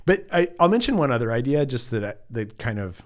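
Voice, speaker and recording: A middle-aged man, an author being interviewed, telling a story in an animated, chatty way with lots of casual fillers. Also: mid-range voice, brisk. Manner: animated storyteller, acts out quotes, frequent "like" fillers. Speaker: author and journalist guest.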